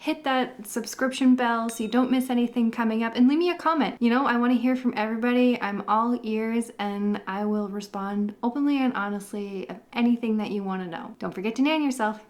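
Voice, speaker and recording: A woman's voice: a little high, fairly quick, few pauses. A woman in her thirties records a casual vlog, speaking to camera in an encouraging, supportive way. She wanders a little and talks in circles, but keeps the tone upbeat and friendly. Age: 30s. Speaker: vlogger.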